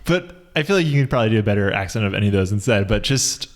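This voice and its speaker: Laughing, low-voiced man co-hosting a podcast. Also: lively intonation, very fast. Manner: laughs often, repeats lines for comic effect. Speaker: podcast co-host. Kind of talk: casual comedic chat.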